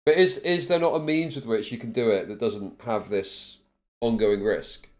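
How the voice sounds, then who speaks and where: A man's voice: medium pitch, moderate pace. A man giving blunt, profane live-stream commentary on news clips, laughing often.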